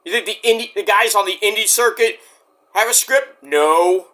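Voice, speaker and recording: A man ranting casually as a wrestling vlogger, rambling and animated, breaking into sudden shouts. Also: high-pitched, moderate pace.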